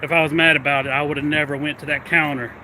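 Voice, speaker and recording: A man's voice: fairly high pitch, little pitch movement, fast talker, pushed and bright, slight background noise. A man livestreaming a rambling, defiant rant, mocking his critics over and over, slightly out of breath.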